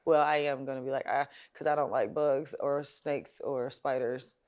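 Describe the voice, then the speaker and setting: A woman's voice: a bass voice, fairly even intonation, moderate pace, a little mellow. A woman hosting a talk show, giving chatty, emphatic advice to her viewers and laughing often. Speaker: show host. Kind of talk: casual advice talk to camera.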